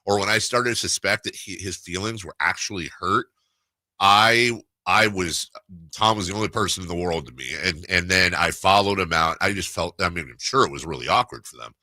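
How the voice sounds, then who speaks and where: A man's voice: low-pitched, fairly quick, pushed and bright, no room sound. A man hosting a sports radio talk show, telling a rambling story in casual chat with many restarts. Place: radio studio.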